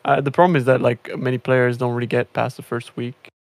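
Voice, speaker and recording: A man's voice: mid-range voice, flat delivery, a little fast, vocal fry, no room sound. Rambling man in casual gaming chat. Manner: rambling, many fillers and restarts.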